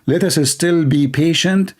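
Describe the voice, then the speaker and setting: A man's voice: fairly high pitch, unhurried. A man giving sarcastic commentary on viewer comments, teasing and talking straight to his audience. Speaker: commentary YouTuber.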